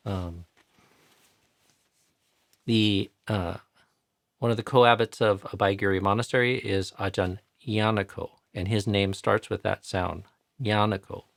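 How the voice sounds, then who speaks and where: American guy teaching chanting sounds, patient, says each one over and over, gravelly low voice. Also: fairly even intonation, a bit bright, no echo, clean studio sound. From United States. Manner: patient, repeats sounds slowly to demonstrate pronunciation. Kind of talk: live online tutorial.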